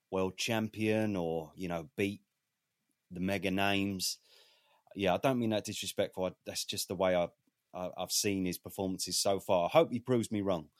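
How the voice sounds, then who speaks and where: Deep-voiced man talking boxing. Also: dry recording, clean studio sound. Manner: animated, swearing, storytelling. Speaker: boxing pundit. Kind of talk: casual chat.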